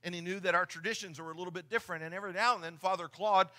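A man's voice: high-pitched, steady tone, racing, pushed and bright. A middle-aged man preaching a sermon in church, earnest and often repeating his words as he talks. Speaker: pastor. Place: church sanctuary.

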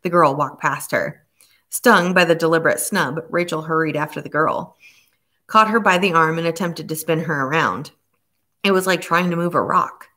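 An audiobook narrator with a low voice reads a suspense novel as scripted narration. Her delivery is steady, measured, even and unhurried.

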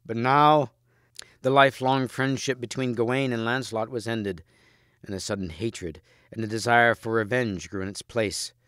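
A man reading a story aloud in steady, measured narration, close on the mic. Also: medium pitch, no echo. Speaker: audiobook reader. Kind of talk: scripted narration.

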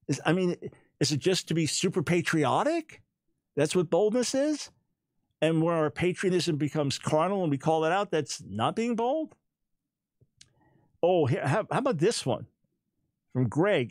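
A man's voice: sits high, sing-song, measured pace, a little mellow, no echo. A man hosting a talk show, speaking in an emphatic, incredulous monologue and often repeating words as he makes his points. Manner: speaks with a smile, not taking it personally.

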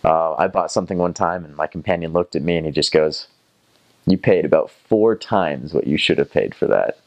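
A man's voice: very deep voice, moderate pace, darkish tone, highs cut off. A young man from North Carolina with a Southern American accent, telling stories in a casual, rambling way with many fillers and restarts. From North Carolina, USA. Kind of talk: casual storytelling.

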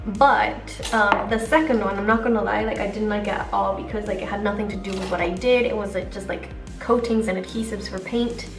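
A young adult woman vlogging chattily while doing her makeup, rambling with lots of fillers. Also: mid-range voice. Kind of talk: chatty get-ready-with-me vlog. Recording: roomy echo, distant mic, faint music.

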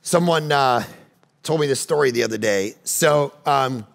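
A man preaching a sermon as pastor, swinging from loud urgent appeals to quiet teaching. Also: mid-range voice, measured pace, creaky. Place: church stage.

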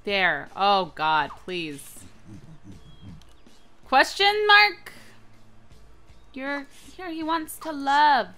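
A young woman hosting a gaming channel, giving excitable, playful let's-play commentary with frequent squeals and giggles. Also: high-pitched, drawn-out words, long pauses, faint music behind.

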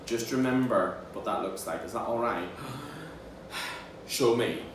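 Male teacher, animated children's phonics lesson, recorded from a distance, faint hiss. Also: mid-range voice. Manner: playful, animated, slow and drawn out for young learners. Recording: echoey room, mic at a distance, faint background noise.

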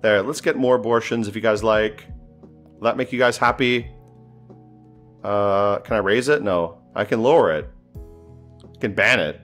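A man's voice: lowish voice, a little slow, long pauses, fairly bright tone, soft background music. A man thinking aloud as he plays a strategy game, often exasperated and swearing. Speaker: gameplay commentator. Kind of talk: casual gameplay commentary.

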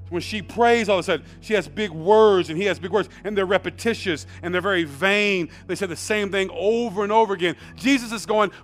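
High-voiced American pastor preaching a sermon. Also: male voice. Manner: swings from quiet conversational asides to loud shouted emphasis; repeats words and restarts phrases. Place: church sanctuary.

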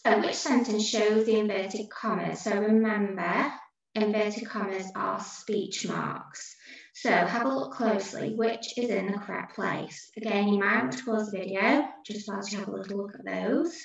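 A woman's voice: medium pitch, fairly even intonation, moderate pace, creaky. A woman teacher giving a recorded lesson to young pupils, patient and encouraging as she explains each answer step by step. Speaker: primary school teacher. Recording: distant, echoey, dull home video recording.

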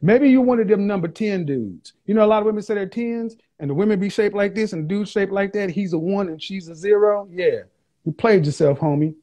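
A man with a high-pitched voice hosts a casual livestream. He reads comments from his viewers aloud and answers them with mocking sarcasm. He hammers home his jokes by repeating them. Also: brisk, hardly any pauses, warm tone. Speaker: livestream host.

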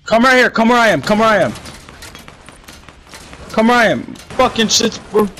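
A man's voice: high voice, expressive, moderate pace, bright, forceful tone, a little hiss or hum. A young man playing a shooter game, giving urgent, bossy callouts and shushing his teammates. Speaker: gamer. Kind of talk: live gameplay callouts.

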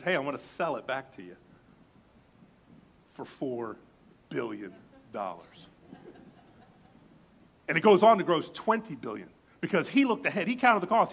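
Middle-aged male pastor, higher voice, animated sermon storyteller. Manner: drops to soft, low emphasis on key words.

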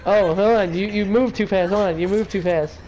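A man's voice: high voice, fairly even intonation, a little fast, noisy background. A drunk man giving rambling, taunting commentary on his own gameplay. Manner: taunting, rambling, talks to the game. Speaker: gamer streaming his play.

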